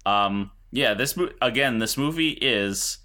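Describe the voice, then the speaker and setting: A man's voice: medium pitch, animated, measured pace, sharp tone. A man co-hosting a podcast, riffing in casual banter and rambling with fillers. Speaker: podcast co-host.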